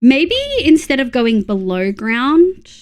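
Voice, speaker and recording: Young woman, Australian accent, casual live-stream chat, muttering and swearing, slightly high voice. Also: animated, slow, smooth. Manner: chatty, muttering to herself, swears when annoyed.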